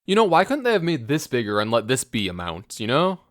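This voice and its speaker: A man's voice: mid-range voice, wildly swooping pitch, fairly quick, no echo, studio quality. A man co-hosting a casual gaming podcast, drawling his playful jokes. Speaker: podcast co-host.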